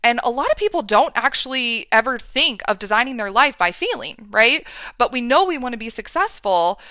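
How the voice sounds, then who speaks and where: Woman, 30s, mindset coach, earnest motivational talk, bright and crisp voice. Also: fairly high pitch, expressive, moderate pace, no room sound. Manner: earnest, repeats "right?" often.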